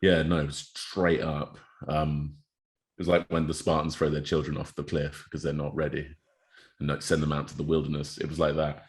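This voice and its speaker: A young man with a notably low voice co-hosts a relaxed podcast chat. He laughs a lot while he talks and keeps calling people bro and mate. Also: moderate pace. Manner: laughs often, drops slang like bro and mate. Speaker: podcast co-host. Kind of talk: casual chat.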